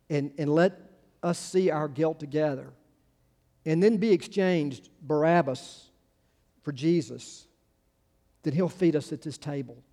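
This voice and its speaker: A man preaches to his congregation in an earnest, halting way, restarting his phrases and then pressing hard on key words. His voice sits a little high for a man. The sound carries a long reverb from a church hall. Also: mellow. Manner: earnest, halting with many restarts, builds to emphatic peaks. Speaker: pastor. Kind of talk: sermon.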